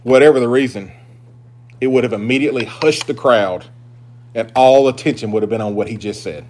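A man pastor preaching a sermon, emphatic and swinging between loud declarations and hushed asides. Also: mid-range voice, fairly quick.

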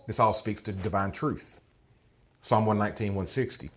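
A man's voice: on the low side, moderate pace, fairly bright tone, slight background noise. A man teaching through a Bible passage to a class, reading verses aloud and often checking in with listeners by asking "okay?" or "right?". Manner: reads scripture passages aloud.

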